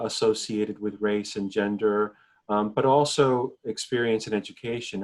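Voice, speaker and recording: A journalist from the New York metropolitan area joins a video call panel as a guest. His voice is on the low side, and he speaks in a measured way, often repeating words as he begins a point.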